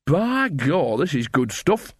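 Male narrator as a jolly, folksy old witch, high-pitched and loud. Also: big pitch swings, slow pace, slightly rough, dry recording, studio quality, heavily acted. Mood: hearty. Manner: hearty, folksy. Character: jolly, hearty older woman witch.

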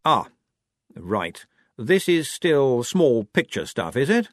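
A man's voice: medium pitch, very animated, slow pace, no echo, studio quality, voice pushed up. A man voicing a fretful young male officer who speaks in a prim, quavering way.

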